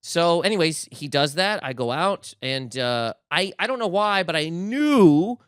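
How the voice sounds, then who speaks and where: A man's voice: a little high, expressive, a little slow, a bit bright, smooth, no room sound, studio quality. A young man from Nova Scotia, a guest comedian telling a story in casual podcast talk, acting out quotes and swearing freely. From Canada, Nova Scotia.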